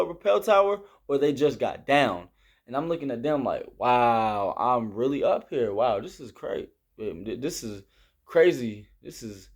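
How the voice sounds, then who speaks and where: A young man casually telling a story about army basic training, rambling and leaning heavily on fillers while he gestures through the steps. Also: mid-range voice. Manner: explains with hand gestures.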